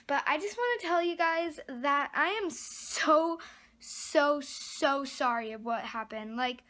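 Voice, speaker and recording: A woman's voice: sits high, a bit bright. A teenage girl vlogging to camera, frustrated and apologetic, rambling with a stuffed-up voice. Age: teens. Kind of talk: casual vlog talk to camera. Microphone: phone camera.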